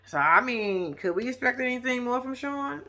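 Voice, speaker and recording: A woman's voice: on the high side, animated, normal speed, pushed and bright. A young woman giving blunt, profane, sassy reaction commentary on a reality show, talking straight to her viewers.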